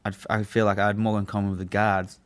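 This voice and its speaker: A low-voiced man swears his way through a casual story, laughing often. His delivery gets animated as he recounts what happened. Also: fast talker, clear, resonant tone. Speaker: guest telling a prison story. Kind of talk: casual chat.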